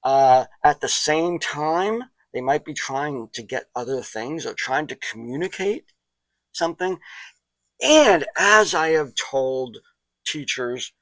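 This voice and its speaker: A man's voice: a little high, lively intonation, a bit bright, no room sound, poor audio. A man giving a recorded college psychology lecture in a loose, conversational way, with asides and anecdotes. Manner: conversational, digressive, with asides and quick impressions.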